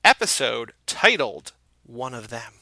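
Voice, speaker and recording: A man's voice: medium pitch, big pitch swings, a little slow, vocal fry. A man co-hosting a podcast, chatting casually, quizzing his partner and pointing out small details from an episode. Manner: chatty, asks questions and points out background details. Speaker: podcast co-host. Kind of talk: casual chat.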